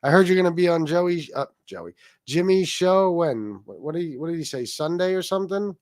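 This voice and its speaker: A man's voice: a little high, animated, brisk, a little mellow, no echo. A man hosting a casual livestream, rambling, swearing freely and reacting to chat comments. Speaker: livestream host.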